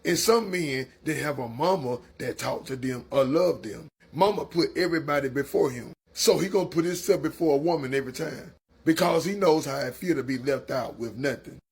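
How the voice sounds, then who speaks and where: A man's voice: on the high side, normal speed, a little mellow, breathy edge. A man giving a preachy opinion monologue, lecturing in colloquial speech. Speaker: commentator.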